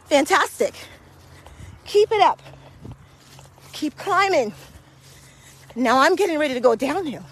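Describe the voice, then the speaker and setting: A high-pitched woman leads a hill walking workout outdoors, out of breath as she climbs. She speaks slowly and keeps cheering her listeners on, motivating them to keep going. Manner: encouraging, motivating. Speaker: fitness coach. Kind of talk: guided walking workout podcast.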